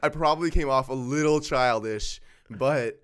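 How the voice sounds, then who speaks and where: A man's voice: medium pitch, normal speed, clean tone. A young man guesting on a podcast, chatting casually and giggling as he tells stories. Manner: giggly, animated storyteller.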